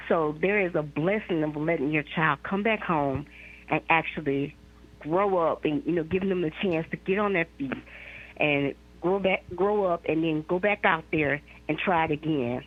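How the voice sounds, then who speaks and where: A woman's voice: deep voice, moderate pace. A woman calling in to a talk show, speaking earnestly with small hesitations. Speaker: caller. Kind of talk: call-in comment. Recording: phone line.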